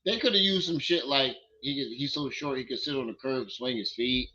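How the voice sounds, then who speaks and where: A man's voice: mid-range voice, brisk, hardly any pauses, bright, forceful tone. Heated, profane man on a lo-fi stream. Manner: profane, heated, repeating his point. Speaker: livestream host. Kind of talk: reaction commentary.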